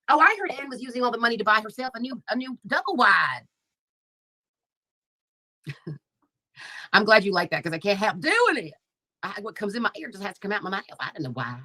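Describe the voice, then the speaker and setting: A woman hosts a casual live commentary stream. Her voice is bright and cutting, recorded close and dry. She talks with heavy sarcasm and swearing, drawing out sugary mock sympathy. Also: mid-range voice, very animated, fairly quick, long pauses, no echo, rough recording. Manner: sarcastic, mocking, profane. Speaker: livestream commentary host.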